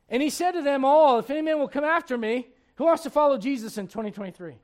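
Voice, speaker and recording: High-pitched, animated preacher. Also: male voice, quick pace, hardly any pauses. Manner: animated preaching, mimics congregants, drops low for scripture. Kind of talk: sermon.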